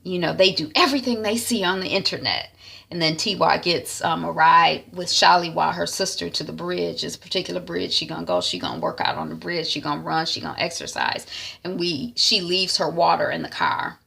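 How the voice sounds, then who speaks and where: A woman casually recapping episodes of a web series in a chatty, animated way. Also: deep voice, a little fast, gravelly, breathy edge. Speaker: TV series reviewer.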